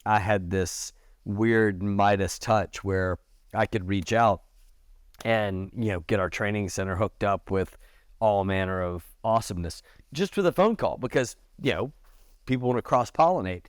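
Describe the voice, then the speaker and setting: A middle-aged podcast guest tells stories at normal speed in a casual, animated chat, lifting his pitch to act out people's quotes. It's a studio recording without echo.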